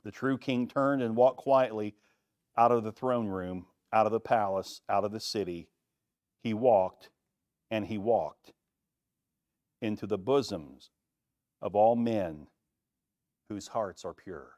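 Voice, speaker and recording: A man preaching a sermon, reading scripture and book passages aloud with rising force and slow, emphatic pauses. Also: fairly low pitch, a little mellow, no room sound. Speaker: pastor.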